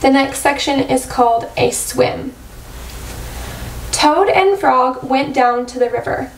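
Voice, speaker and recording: Slow, high-voiced teacher reading a picture book. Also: female voice. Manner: slow, clear storytelling for children. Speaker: first grade teacher. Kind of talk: picture-book read-aloud. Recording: echoey room, far-off mic.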